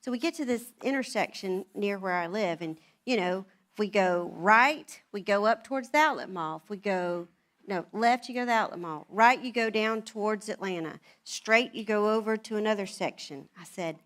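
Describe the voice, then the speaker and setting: A woman's voice: mid-range voice, moderate pace. Chatty woman telling stories. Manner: animated, chatty storytelling. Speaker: women's event speaker. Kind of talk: humorous personal talk.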